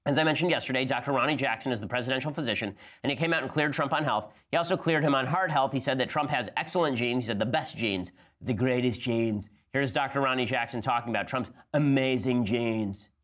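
Rapid-fire sardonic male podcast host. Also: mid-range voice, a bit bright. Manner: rapid-fire, sardonic, talks in quick bursts. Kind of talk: fast political commentary with a read ad.

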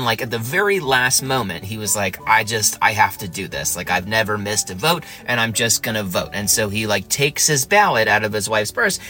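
A man's voice: mid-range voice, pushed and bright. A man telling a story casually, stringing it along with "like". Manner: chatty, leans on "like" while building a story.

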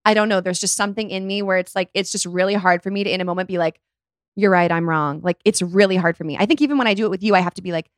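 Rapid-fire and medium in pitch, this young woman's voice comes through clean studio sound with no room tone. As a podcast co-host in a relaxed conversation, she chats openly and peppers her speech with plenty of "like" fillers.

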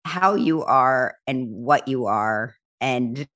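A woman's voice: very deep voice, slow pace. A woman talks casually as an interview guest. She tells her stories with energy, acting out voices and laughing often. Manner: animated storyteller, acts out voices, laughs often. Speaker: talk show host and author, guest.

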